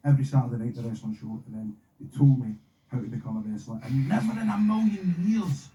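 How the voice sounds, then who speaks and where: Scottish guy cracking jokes on radio, dark voice, roomy echo. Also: medium pitch, quick pace, slight background noise. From Scotland. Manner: joking, animated storyteller. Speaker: guest wrestler. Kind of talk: casual radio studio chat. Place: radio studio.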